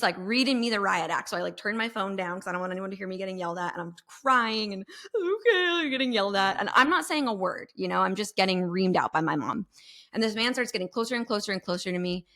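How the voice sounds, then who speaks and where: A woman guest on a podcast, telling a story in an animated, expressive way. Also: medium pitch. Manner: animated, expressive, sings sound effects. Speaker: podcast guest, intuitive mentor. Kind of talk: storytelling in an interview.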